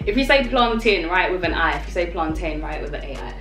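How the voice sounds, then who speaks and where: A woman's voice: deep voice, sing-song, very fast. A young woman hosting a casual mukbang at home, joking and playful with slang. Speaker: vlogger host. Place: home dining table, indoors. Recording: roomy echo with background music.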